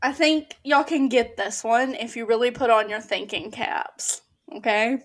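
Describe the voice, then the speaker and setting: A woman co-hosting a casual podcast, running a guessing game and reading the clues deliberately. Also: a little high. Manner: reads quiz clues deliberately, laughs between. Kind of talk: casual chat.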